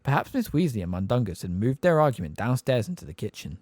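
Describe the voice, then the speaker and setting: A man narrating an audiobook with expressive storytelling. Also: medium pitch, fast talker, no echo. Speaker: audiobook reader.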